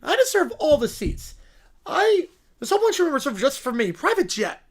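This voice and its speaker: A man's voice: extremely high pitch, huge pitch swings, brisk, pitched above the performer's own voice, full character voice. A man voicing a spoiled, tiny, furry royal creature who whines and demands everything. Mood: whiny. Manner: whining, petulant, demanding. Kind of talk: read-aloud donation story.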